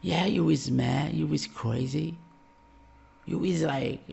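A man from Algeria, reacting to a show in casual, halting English and often laughing. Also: fairly high pitch, creaky, a little mellow, breathy edge, dull audio. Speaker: reaction video host.

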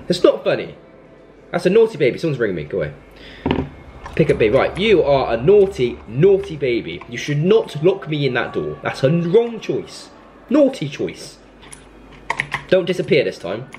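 Here the same kind of gaming YouTuber, a young man, speaks at normal speed in a higher, darkish voice with huge pitch swings and slight background noise. Playing a horror game, he alternates between panicked, jumpy bursts and telling off the game baby.

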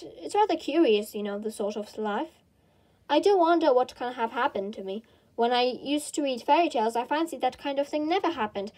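A woman's voice: high-pitched, darkish tone. A woman reading the lines of Alice, a curious, fretful little girl who talks to herself.

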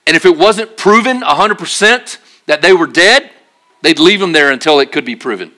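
Male pastor, sermon delivery, bright and slightly high voice, animated storyteller. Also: normal speed. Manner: drops to a quiet, earnest tone for serious points. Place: church.

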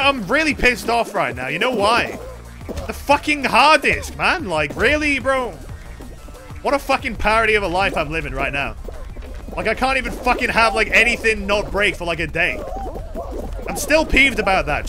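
A British man giving casual live commentary while streaming a game, swearing freely and yelling at the other players. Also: high-pitched. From Britain. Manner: profane, excitable, yells at other players.

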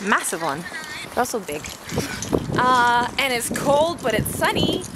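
A woman's voice: measured pace, heavy background noise. A young woman vlogging casually about her day with friends, bubbly and giggly. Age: young adult. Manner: bubbly, giggly, high and lively. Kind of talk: casual vlog chat. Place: student flat, indoors and around town. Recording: loud background music.

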